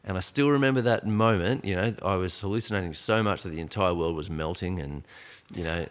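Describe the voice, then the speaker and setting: Podcast guest, male, around 40, deep voice, loose storyteller who keeps restarting. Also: brisk, clean tone. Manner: rambling, full of restarts and "like". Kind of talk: casual storytelling conversation.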